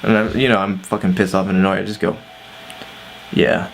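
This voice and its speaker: Vlogger, male, lowish voice, laid-back storyteller who swears and says "like" a lot, faint music behind. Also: level tone, rapid-fire, creaky. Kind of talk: casual storytime vlog.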